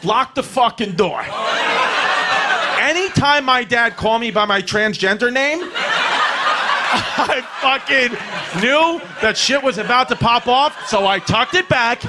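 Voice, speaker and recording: Drunk guy doing stand-up, high voice, brash and swearing, loud noisy recording. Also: expressive, unhurried. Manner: brash, profane, shouting punchlines. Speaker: stand-up comedian. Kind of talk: stand-up comedy routine.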